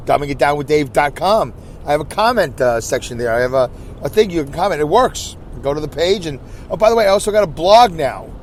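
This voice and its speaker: A man talking through his podcast in a loose, rambling way, repeating himself and wandering off into asides. His voice sits a little high for a man. A faint hum of outdoor noise hangs behind him. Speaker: podcast host. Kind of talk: casual solo podcast chat.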